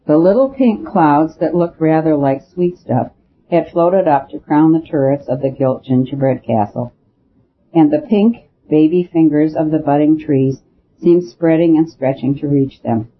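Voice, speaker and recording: Male storyteller reading prose in a measured way; slightly high voice, muffled lo-fi sound. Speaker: audiobook narrator. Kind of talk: scripted story narration. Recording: dull lo-fi recording with faint hiss.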